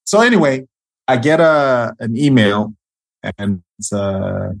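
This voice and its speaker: A man, an actor guest, telling a casual story in an animated, slangy way and acting out quotes. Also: medium pitch, slow, creaky.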